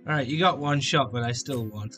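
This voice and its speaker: A man giving let's play commentary on a shooter, jokey and taunting enemies with sudden shouts. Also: medium pitch, fairly quick, faint music behind. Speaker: gameplay commentator.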